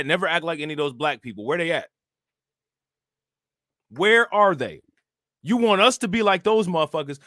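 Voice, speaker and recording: A man's voice: on the high side, fairly bright tone, dry recording, studio quality. A young man, ranting profanely on a livestream and firing off repetitive rhetorical questions to his chat. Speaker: livestream political commentator. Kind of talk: casual livestream rant reacting to chat.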